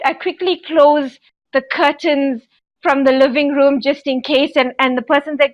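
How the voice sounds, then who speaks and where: A woman on a podcast telling a rambling story in casual chat, animated and giggly with lots of fillers. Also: sits high, moderate pace, no echo, rough recording. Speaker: podcast co-host.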